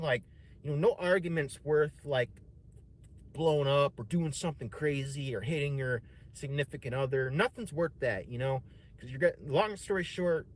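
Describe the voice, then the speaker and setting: A man rambles through a personal story on a stream, swearing freely and tossing in "man" and "dude". His voice sits at an ordinary middle pitch. A faint hum of room ambience runs underneath.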